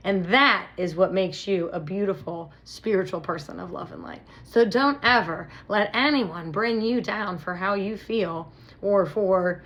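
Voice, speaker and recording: Woman psychic medium, casual vlog to camera; blunt, animated, swears, emotional. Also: medium pitch, unhurried. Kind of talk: casual direct-to-camera talk.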